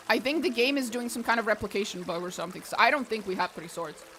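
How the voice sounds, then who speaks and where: A woman streaming a video game, chatting casually, excitable and swearing, often breaking into laughs. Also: on the high side. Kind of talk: casual gameplay commentary.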